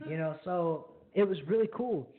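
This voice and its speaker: A man's voice: high voice, moderate pace. A man in his twenties hosting a ministry radio show, sharing a friendly, straightforward and rambling spoken testimony. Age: 20s. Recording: phone-like lo-fi line.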